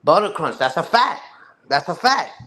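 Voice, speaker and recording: A man from New with a fairly high voice chats off the cuff with a live stream audience. His talk is loose and slang-heavy, and he restarts his sentences often as he swears his way through stories. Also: big pitch swings, normal speed, pushed and bright. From New York. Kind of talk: casual chat with a live audience.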